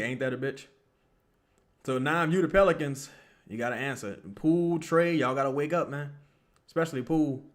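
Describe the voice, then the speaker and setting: A young man with a mid-range voice streams live fan commentary on a basketball game. He's excitable and profane, often breaking into yells at the players.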